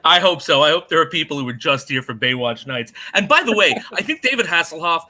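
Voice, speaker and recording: A man's voice: fairly high pitch, sing-song, quick pace, few pauses, sharp tone. A man co-hosting a casual podcast, jokey and playful, laughing often. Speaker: podcast co-host. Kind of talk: casual chat.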